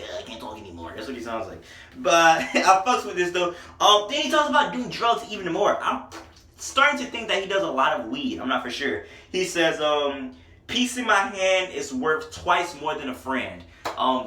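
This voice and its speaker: A young man giving a casual, profane, excitable album review, laughing at his own jokes. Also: a little high, far from the mic. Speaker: music reviewer. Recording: echoey room, voice away from mic.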